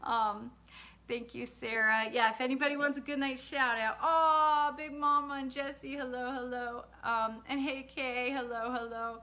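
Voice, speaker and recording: Bright-voiced woman chatting on a livestream. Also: sits high, fairly even intonation, a little slow. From lived in the US state of Georgia. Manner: chatty, warm shout-outs to viewers, laughing asides. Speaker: author hosting a livestream. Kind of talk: casual livestream chat with viewers.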